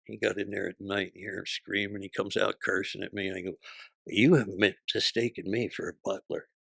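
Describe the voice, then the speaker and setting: A man in his sixties, a comedian guest, telling stories in casual chat with a punchy, profane delivery and quick character voices when he quotes people. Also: deep voice, level tone, creaky, a bit bright, breathy edge, no echo, studio quality.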